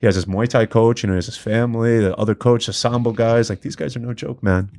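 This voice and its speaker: A man's voice: mid-range voice, steady tone, quick pace, a little mellow. A man appearing as a guest in a casual studio podcast chat, telling stories in a laid-back, slangy way and laughing often.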